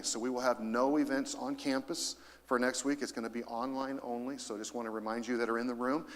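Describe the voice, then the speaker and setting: A middle-aged man preaching a sermon in a church, lively and emphatic, calling out to the congregation for responses. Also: mid-range voice. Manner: lively, rising to emphasis, calls for audience responses. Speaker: pastor. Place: church auditorium. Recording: long hall reverb.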